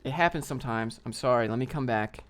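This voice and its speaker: A man's voice: mid-range voice, fast talker, fairly bright tone, a little hiss or hum. Young guy on a livestream, brash and slangy, ranting at chat. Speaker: livestream host. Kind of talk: casual livestream chat, reading viewer comments.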